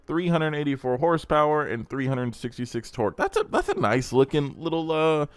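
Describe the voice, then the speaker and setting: A man's voice: fairly high pitch, sing-song, brisk, smooth, no room sound, soft background music. A young man hosting a car channel, giving blunt, crude, rambling casual commentary.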